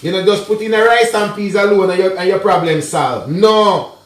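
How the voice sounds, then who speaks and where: Chatty Jamaican man, high voice. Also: normal speed, echoey room. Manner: chatty patois mixed with English, addresses viewers directly. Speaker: cooking vlogger. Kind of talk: casual cooking tutorial. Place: kitchen.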